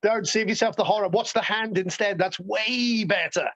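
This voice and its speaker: A man chatting as a podcast guest, animated and enthusiastic, laughing often. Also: high-pitched, normal speed, dry recording, highs cut off. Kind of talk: casual chat.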